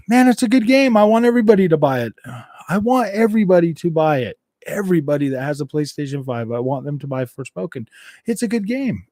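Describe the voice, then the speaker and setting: A man's voice: fairly high pitch, a little mellow, dry recording, studio quality. Rambling man hosting a gaming livestream. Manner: rambling, repeats himself, laughs often. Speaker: gaming channel host. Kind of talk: casual livestream chat.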